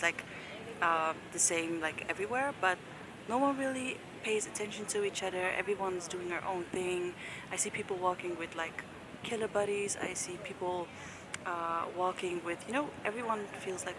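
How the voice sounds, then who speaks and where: A woman's voice: on the low side, noisy background. A young woman with a Dutch accent, chatting casually in a travel vlog outdoors in a city, full of fillers and giggles. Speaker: vlogger. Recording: music playing over the voice.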